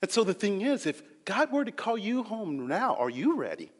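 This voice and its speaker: Male preacher, fairly high voice, earnest and dynamic, long hall reverb. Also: big pitch swings, moderate pace, few pauses. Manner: earnest, rising and falling between loud emphasis and quiet; acts out quoted voices. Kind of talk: sermon.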